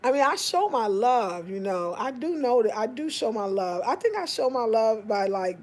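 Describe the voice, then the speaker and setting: An African American woman spins a casual story for her viewers. She talks in a slightly high voice and jumps into animated, raised voices when she quotes people. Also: moderate pace. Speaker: vlogger.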